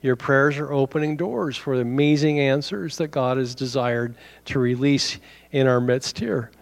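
A man preaching a sermon to his congregation, animated and conversational, with quick asides and chuckles between points. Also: medium pitch, gravelly. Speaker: pastor.

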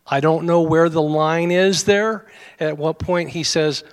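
Middle-aged american guy preaching, kinda high voice, chatty asides to the church. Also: fairly even intonation, a little slow, smooth. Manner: conversational preaching with asides and chuckles. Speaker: pastor. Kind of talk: sermon.

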